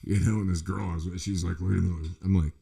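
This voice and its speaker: A middle-aged man with a very low voice rambles through stories in casual chat. He swears constantly and loosely, the easy talk of a podcast host. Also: steady tone, fast, gravelly, warm tone, breathy edge. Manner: profane, rambling storyteller.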